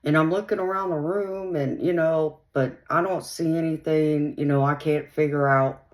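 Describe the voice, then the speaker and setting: A woman's voice: low voice, fairly even intonation, moderate pace. A woman hosting her own channel, casually telling a personal story in a rambling way, filled with "um" and "you know". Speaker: channel host.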